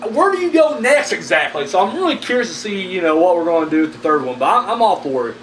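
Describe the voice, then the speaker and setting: A man's voice: high voice, big pitch swings, fast talker, fairly bright tone. A man giving casual, rambling horror movie news commentary, blunt and full of profanity. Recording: echoey room, mic at a distance, faint background noise.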